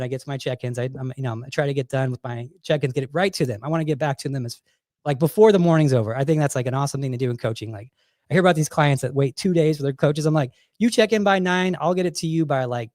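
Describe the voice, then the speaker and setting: A man's voice: medium pitch, rapid-fire, a little mellow, no room sound, clean studio sound. A man coaching fitness, chatting casually as a podcast host, telling a rambling story full of fillers and restarts. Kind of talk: casual chat.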